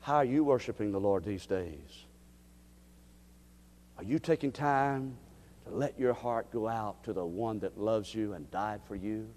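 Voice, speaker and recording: A man preaching a sermon, dropping to a hush and rising to shouts. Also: on the low side, a little slow, big-room sound. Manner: dramatic swings from hushed to shouting.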